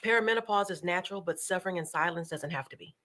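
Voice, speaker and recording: Middle-aged woman, Southern US accent, radio co-host, expressive storyteller, casual chat. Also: lowish voice, very fast. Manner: storytelling, expressive, laughs while telling.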